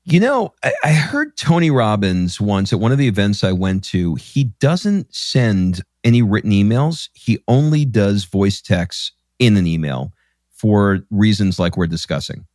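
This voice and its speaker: A man's voice: on the low side, big pitch swings, measured pace, a little mellow, no room sound, clean studio sound. A man hosting a podcast interview, asking short, curious follow-up questions. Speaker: podcast host. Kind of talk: conversational interview.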